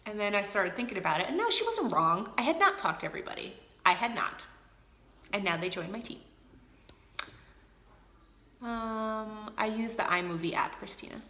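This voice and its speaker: A woman's voice: medium pitch, big pitch swings, moderate pace, pauses often, bright, forceful tone, reverberant. A woman leading a sales team, chatting casually and energetically in a motivational live video, answering viewers by name. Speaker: team leader of a direct sales group.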